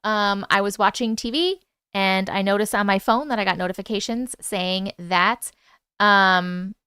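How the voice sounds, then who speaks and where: A woman hosting a livestream, casually telling a story, animated and profane, acting out the voices she quotes. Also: medium pitch, a little slow, clear, resonant tone, no room sound, studio quality. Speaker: host. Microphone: wireless clip-on mic.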